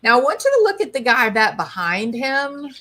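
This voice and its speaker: A woman's voice: sits high, sing-song, moderate pace, pushed and bright. Chatty woman commenting on a clip. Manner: chatty, amused, explaining a clip. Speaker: commentary show host. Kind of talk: casual video commentary.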